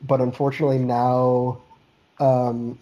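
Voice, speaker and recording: A man's voice: mid-range voice, little pitch movement, a little slow, mellow, highs cut off. A man from Canada chatting casually on a podcast, rambling and loose with lots of "like" and offhand swearing. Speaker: podcast co-host. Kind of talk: casual chat.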